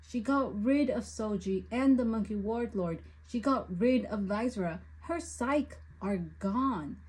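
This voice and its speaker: A woman's voice: fairly high pitch, measured pace, darkish tone, slightly rough, rough recording. A woman recapping and reviewing a book, often exasperated and ranting at the story's choices.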